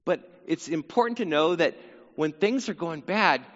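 A man's voice: high-pitched, lively intonation, moderate pace, big-room sound, dull audio. A man teaching through a psalm in sermon style, earnest, repeating phrases and voicing the psalmist's cry. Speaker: Bible teacher.

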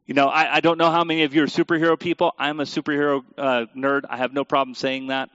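A man's voice: mid-range voice, level tone, fast talker, fairly bright tone, no room sound, muffled recording. A man preaching a sermon in a conversational way, with joking asides to the congregation. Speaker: pastor.

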